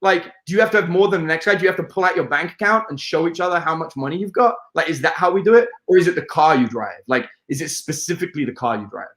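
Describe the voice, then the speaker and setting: A British man speaking with a noticeably high voice tells lively stories as a dating coach. He is playful and profane, and he jumps into scenes to act them out. His voice bounces around an echoey room. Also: fast, hardly any pauses. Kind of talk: animated interview storytelling.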